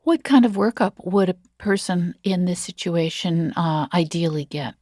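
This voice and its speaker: A woman's voice: lowish voice, normal speed, darkish tone, no echo, studio quality. A woman co-hosting a radio health show, restating points thoughtfully before asking the guest a question. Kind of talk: interview questions.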